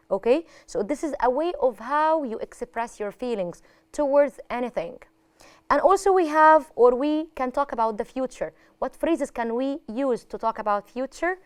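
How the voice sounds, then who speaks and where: A woman's voice: fairly high pitch, brisk, clear, resonant tone. A woman with an Egyptian accent teaching an English lesson on a TV channel, explaining in Arabic and stressing her example sentences.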